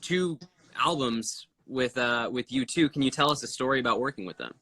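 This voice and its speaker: Bright-voiced man asking questions. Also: medium pitch, moderate pace, a little hiss or hum, poor audio. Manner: prompting questions, relaying viewer requests. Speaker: co-host. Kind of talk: casual chat on a livestream.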